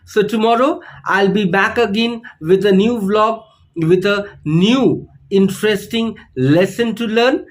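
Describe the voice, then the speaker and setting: A man gives a pronunciation lesson in a high voice. He speaks slowly and deliberately and repeats each word clearly so learners can follow. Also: rough recording. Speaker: English teacher.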